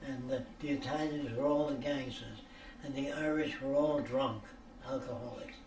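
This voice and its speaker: An older man from the United States answers questions in a private room, his medium-pitched, darkish voice keeping fairly even intonation at normal speed. He tells rambling, lecture-style stories, blunt and full of profanity, frequently asking whether listeners follow. The room is echoey, with a distant mic and faint ambience.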